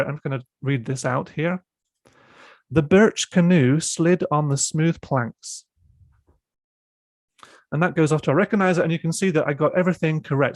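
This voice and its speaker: A man presenting and demonstrating software in an online panel discussion, explaining step by step with many fillers and restarts. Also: on the high side, no echo.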